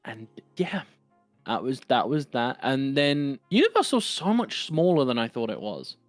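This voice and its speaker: A man's voice: medium pitch, sing-song, moderate pace, no room sound, faint music behind. Young East London man, sweary and rambling, podcast co-host, dry close mic. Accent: London East End. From England. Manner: rambling, profane, frequent ums and restarts. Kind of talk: casual chat.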